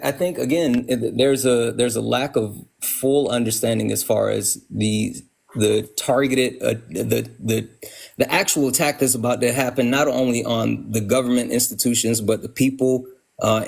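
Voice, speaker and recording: An earnest man hosts a live stream at a middle pitch, and his voice has a husky edge. He talks urgently and keeps restarting his sentences as he presses his point. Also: fairly even intonation, moderate pace. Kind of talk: casual live stream chat.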